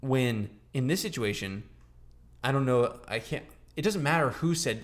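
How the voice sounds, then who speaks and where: A man's voice: mid-range voice, lively intonation, moderate pace. A young man co-hosting a podcast, talking casually and rambling with lots of fillers and restarts. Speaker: podcast co-host. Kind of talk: casual chat.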